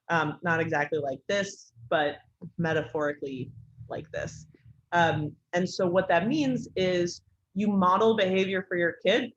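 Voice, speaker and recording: A woman teaching an online class in a casual way, with many ums and likes. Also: lowish voice. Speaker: instructor. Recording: dull lo-fi recording.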